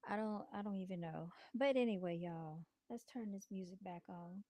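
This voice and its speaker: A woman's voice: medium pitch, normal speed, mellow, no echo. Chatty woman hosting a livestream. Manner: chatty, addresses viewers as y'all. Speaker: livestream host. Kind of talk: casual live-stream talk. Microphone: desk microphone.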